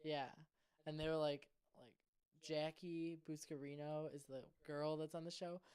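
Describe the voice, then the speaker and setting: A young man co-hosting a casual podcast, rambling excitably and swearing freely. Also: fairly high pitch, measured pace, clear, resonant tone. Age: young adult. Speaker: podcast co-host. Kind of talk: casual chat.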